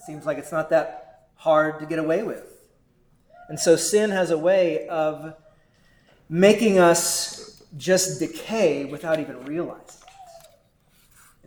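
A man preaching as a pastor, earnest and measured, often checking in with the congregation. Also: on the high side, a little mellow, echoey room. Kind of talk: sermon.

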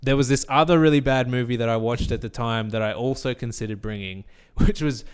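Brief: male podcast co-host, clear smooth voice, loose storytelling. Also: medium pitch, a little fast. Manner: rambling storyteller, acts out quotes. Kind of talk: casual chat.

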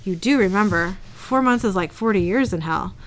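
A woman's voice: mid-range voice, animated, normal speed, slight background noise, natural voice. A woman reading a mocking child demon. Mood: taunting. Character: taunting demon in a little girl's form.

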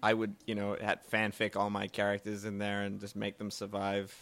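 Low-voiced rambling podcast host. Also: male voice, monotone, moderate pace, fairly bright tone. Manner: rambling, many fillers. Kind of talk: casual chat. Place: bookstore, live event.

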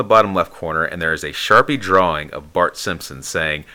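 A man casually telling a long personal story on a podcast, acting out the people he quotes. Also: brisk. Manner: animated storyteller, acts out quotes in a high voice.

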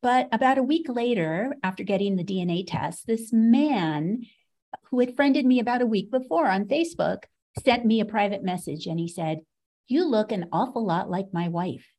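A woman's voice: a little high, expressive, moderate pace, dark tone. A middle-aged woman from the United States, an author and podcast guest, telling a personal story with a sarcastic, wry edge.

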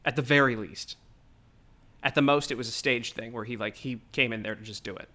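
A man's voice: medium pitch, fairly quick, sharp tone. Fired-up man ranting solo. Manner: heated, profane, rambling rant. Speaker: podcast host. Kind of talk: solo political rant.

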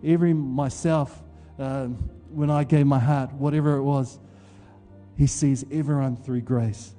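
A man's voice: mid-range voice, steady tone, measured pace, warm tone, long reverb tail, soft background music. A man preaching a sermon, telling a personal story in a loose, conversational way with plenty of fillers.

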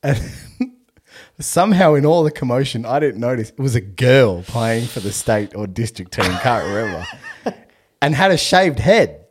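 A man's voice: mid-range voice, sing-song, moderate pace, husky. A young Australian man hosting a podcast, telling a story in casual chat, swearing freely and laughing as he goes. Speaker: podcast host.

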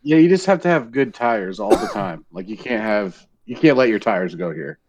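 A man's voice: fairly low pitch, animated, moderate pace, lo-fi sound, crowd noise. An easygoing man in casual chat, chiming in with short agreements and practical tips.

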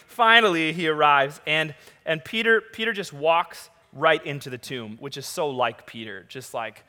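A man preaching a sermon, reading scripture and retelling the story in an animated, conversational way. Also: a little high, normal speed, few pauses. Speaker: pastor. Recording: large hall with long reverb.

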